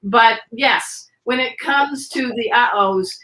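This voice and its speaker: A woman guest on a video podcast, teaching pet first aid with an energetic, demonstrative manner. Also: fairly high pitch, slow. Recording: roomy echo.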